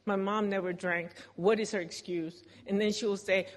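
A woman's voice: medium pitch, steady tone, moderate pace, few pauses, long reverb tail. A woman telling her recovery story in a candid, self-deprecating way, often laughing at herself. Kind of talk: personal recovery testimony.

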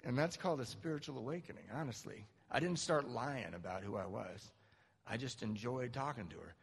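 A middle-aged man giving a personal recovery testimony, animated storytelling with acted-out quotes. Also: mid-range voice, brisk, creaky, breathy edge. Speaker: speaker sharing a recovery story. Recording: long hall reverb.

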